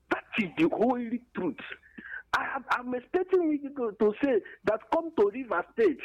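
A man with a Nigerian accent calls in to a radio show, pleading emotionally and repeating himself in an impassioned complaint. His voice is very high with vocal fry, and it comes over a muffled phone line with no echo.

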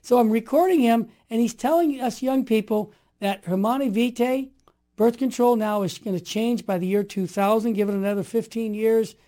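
A man in his sixties telling stories as an interview guest, emphatic and animated, building to forceful declarations. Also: very high voice, normal speed. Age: 60s. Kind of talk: impassioned conversational storytelling.

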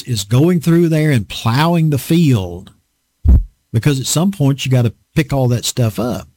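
A man's voice: medium pitch, darkish tone, dry recording. A man with a Southern US accent preaching a sermon in a folksy, storytelling way, rambling with fillers. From American South.

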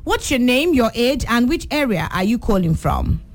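A woman runs a call-in children's radio quiz, her voice sitting a bit high. She is brisk and encouraging and says each question twice. A faint hiss sits under the line. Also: big pitch swings. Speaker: radio quiz show host.

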